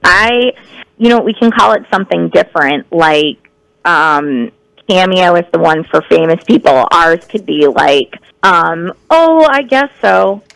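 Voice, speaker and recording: Joking woman comedian with a gravelly voice. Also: on the low side, measured pace, a bit bright, no room sound, poor audio. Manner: joking, playful, laughs often. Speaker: comedian guest. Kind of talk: casual radio chat.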